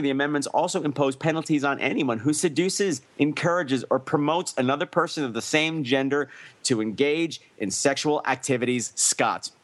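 A man co-hosting a comedy podcast, reading news items aloud and adding wry asides. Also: mid-range voice. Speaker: podcast co-host. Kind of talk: casual comedic news chat.

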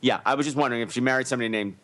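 A man co-hosting a comedy podcast, reading out news stories at a middle pitch. He breaks off the headlines with wry, deadpan asides. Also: rapid-fire. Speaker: podcast co-host. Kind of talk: casual comedic news chat.

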